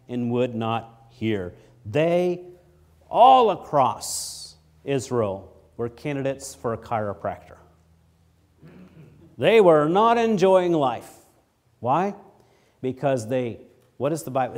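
A middle-aged man preaching a sermon, reading scripture aloud with swelling emphasis and dropping low for asides. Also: a little mellow. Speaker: pastor.

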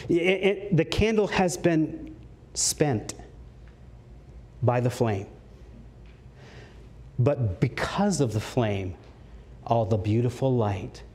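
Delivering an earnest sermon, a male pastor drops his pace on key words and climbs in pitch when moved, adding the occasional light joke. His voice is mellow, with a little background noise.

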